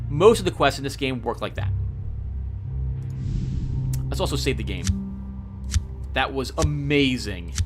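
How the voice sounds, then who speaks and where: A man doing casual game commentary, excitably explaining the rules aloud and reading out the game text. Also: mid-range voice. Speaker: let's play host.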